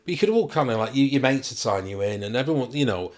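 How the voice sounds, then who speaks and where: A man, a guest telling stories in a relaxed chat and acting out voices as he goes. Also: mid-range voice, fast. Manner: storytelling, animated impressions. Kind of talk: casual chat.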